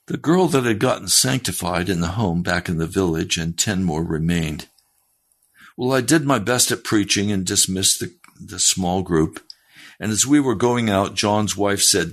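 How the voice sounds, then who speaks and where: A man's voice: sits low, measured pace. A male preacher retelling a first-person story in his sermon, emphatic and challenging his listeners directly.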